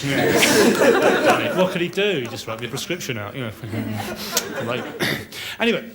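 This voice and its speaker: Sardonic stand-up man, lively voice. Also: mid-range voice, unhurried, few pauses, a loud crowd. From Britain. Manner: sardonic, rambling, chatty asides. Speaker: stand-up comedian. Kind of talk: stand-up comedy routine. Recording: noisy old stand-up recording.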